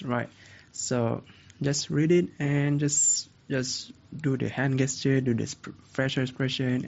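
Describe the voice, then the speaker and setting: Gravelly man giving speaking tips. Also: mid-range voice, dull audio. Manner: animated, repetitive, self-correcting. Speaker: speaking coach. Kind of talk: casual teaching talk.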